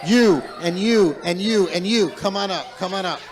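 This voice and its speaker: A man's voice: high-pitched, moderate pace, a faint crowd. A man, a rabbi, telling a folk tale to his congregation in a playful way and leading them in making animal sounds. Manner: playful, directing audience participation. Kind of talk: storytelling to a congregation. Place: large synagogue sanctuary. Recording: long hall reverb.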